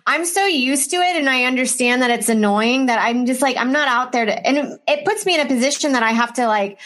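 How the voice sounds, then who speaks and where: A woman's voice: fairly high pitch, fast talker, fairly bright tone. A woman telling stories in a casual chat, often laughing as she talks.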